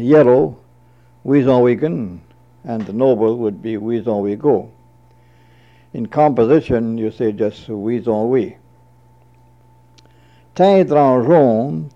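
A man slowly reading through a word list, giving each entry and its translation, sometimes repeating a word. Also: medium pitch. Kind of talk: slow dictionary reading with translations. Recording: dull lo-fi recording.

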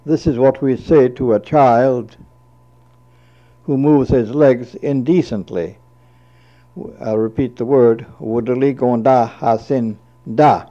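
A man reads a word list at an unhurried, deliberate pace, giving each entry and then its meaning. His voice is mellow and dark. The recording sounds dull and lo-fi. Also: mid-range voice. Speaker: language teacher reading a word list. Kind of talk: slow dictionary reading with translations.

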